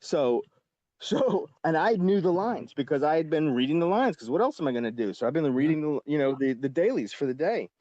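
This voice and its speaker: A man in his forties, a guest actor on a podcast, telling a casual and lively story with lots of fillers and the odd swear word. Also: a little high, fairly quick, no room sound, lo-fi sound.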